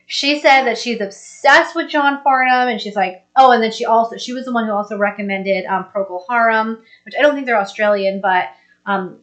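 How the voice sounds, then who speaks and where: Speaking in a mid-range voice, this livestream host is a woman who keeps things casual. She reads viewer comments aloud in an upbeat manner, thinking out loud as she goes.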